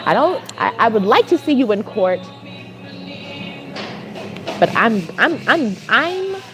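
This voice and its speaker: Vlogger, woman, lively exasperated storytelling, highish voice, faint music under it. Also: takes it slowly. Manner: animated, exasperated, repeats phrases for emphasis. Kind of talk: storytelling vlog rant.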